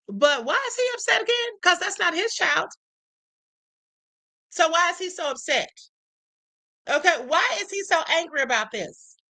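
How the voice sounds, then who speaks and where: A woman's voice: very high-pitched, sharp tone. A woman hosting a reaction commentary livestream, sassy, asking her viewers rhetorical questions again and again. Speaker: host.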